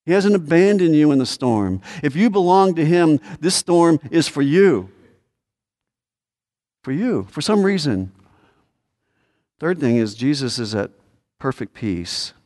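A male pastor preaching a conversational sermon to his congregation, asking the room rhetorical questions and acting out desperate pleas before dropping to quiet, low asides. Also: expressive, measured pace, pauses often. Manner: swings between raised pleading lines and low quiet asides.

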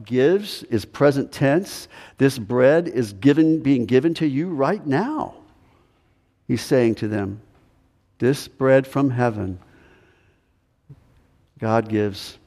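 Male pastor, mid-pitched, emphatic sermon delivery, long hall reverb. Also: expressive, takes it slowly, pauses often, mellow. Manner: emphatic preaching, repeats key phrases. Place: church sanctuary.

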